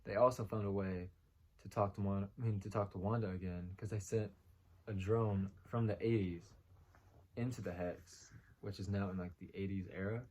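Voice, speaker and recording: A man's voice: lowish voice, fairly even intonation, moderate pace, darkish tone. A man hosting a casual episode review, recapping the plot in a loose, rambling way full of "like". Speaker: host.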